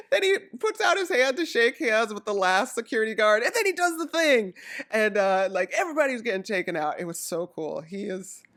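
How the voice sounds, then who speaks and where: A woman from Jamaica chatting casually about wrestling, rambling and excitable as she jumps from topic to topic. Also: medium pitch. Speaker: wrestling recap vlogger. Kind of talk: casual chat.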